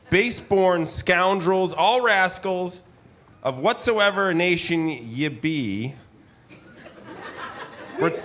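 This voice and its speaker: Guy doing a pompous blustery old-timey gentleman, ranting a letter, slow and grand. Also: high voice, full character voice. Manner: bombastic declaiming with asides and laughs. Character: blustering pompous eccentric gentleman, man, middle-aged. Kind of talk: live theater reading of a period letter. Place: live performance hall with audience.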